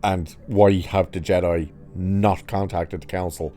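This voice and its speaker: A man's voice: deep voice, steady tone, unhurried, dark tone. A man recapping and reviewing a TV episode in a casual, sarcastic, mocking way, swearing freely.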